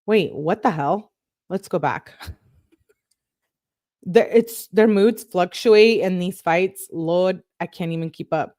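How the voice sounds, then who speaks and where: A woman's voice: lowish voice, takes it slowly, pauses often, dark tone. A woman giving casual commentary as she reads text messages aloud, chatty and blunt with exasperated asides. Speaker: online commentator.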